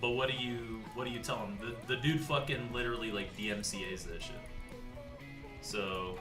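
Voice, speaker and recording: A man's voice: medium pitch, fairly even intonation, moderate pace, roomy sound, over music. A man in a voice chat, rambling with slang and restarts. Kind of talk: casual chat.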